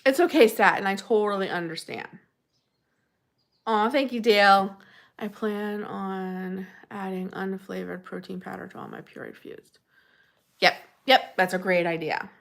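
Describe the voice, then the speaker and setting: A woman's voice: medium pitch, steady tone, unhurried, gravelly. A woman hosting a casual live stream, chatting and gushing as she answers viewers by name. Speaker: livestream host.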